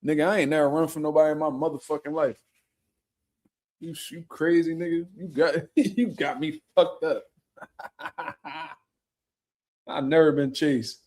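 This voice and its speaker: A man's voice: on the high side, fairly even intonation, unhurried, pauses often, darkish tone. A young man hosting a casual livestream, reading viewer comments and chatting in a loose, profane way with frequent laughter. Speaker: boxing livestream host. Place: home room.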